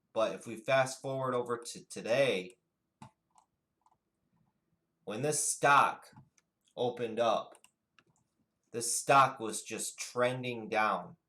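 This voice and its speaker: A man narrating a stock chart walkthrough, explaining trades in a steady, unhurried way. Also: mid-range voice, poor audio. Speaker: day trading educator. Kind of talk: screen-share chart walkthrough.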